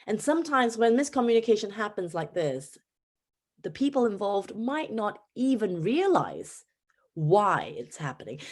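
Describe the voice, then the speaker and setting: Telling her points like a lively story, a Singaporean English teacher in her thirties addresses a conference. Her accent is Singaporean, and her pitch leaps up and down.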